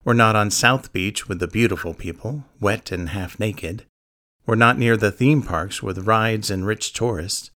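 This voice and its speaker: A man's voice: on the low side, a bit bright, close to an everyday voice. A man voicing a creepy grown man who admires a killer, speaking in an insinuating, mocking way. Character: creepy grinning adult man, fan of murders. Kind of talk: audiobook character reading.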